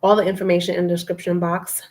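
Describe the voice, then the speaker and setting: A woman with a slightly low voice and a lilt hosts a casual live stream on a computer mic. She reads affirmations aloud in a slow, soft cadence and breaks off to encourage her viewers by name. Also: level tone, low-quality recording. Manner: reads affirmations slowly and softly, warm encouraging asides. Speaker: livestream host reading affirmations.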